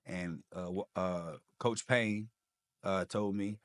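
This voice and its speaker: Lower-voiced man telling a lively personal story. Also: takes it slowly. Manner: animated, acts out quoted dialogue. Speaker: podcast guest.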